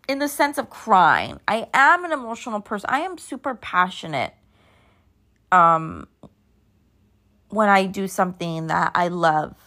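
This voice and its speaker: Her voice sits at a medium pitch, bright and pushed, as this thirtysomething podcast host chats solo. Yawning and drowsy, she wanders off track while she rambles.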